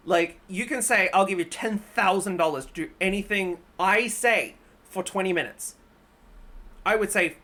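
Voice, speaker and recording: A woman's voice: medium pitch, normal speed, a bit bright. A woman streamer reacting casually to videos, blunt and profane, who often laughs and exclaims. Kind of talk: casual live-stream commentary.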